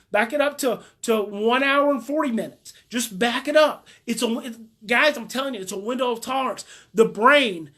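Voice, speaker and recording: A woman's voice: sits high, a bit bright. A woman parenting coach giving live advice, speaking emphatically and repeating her key points as she coaches listeners directly.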